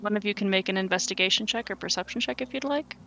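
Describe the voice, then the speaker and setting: A woman acting as game master of a tabletop game played over voice chat, chatty and quick to laugh, adding up rolls aloud. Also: mid-range voice, bright, forceful tone, slight background noise. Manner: chatty, adds sums aloud, laughs often.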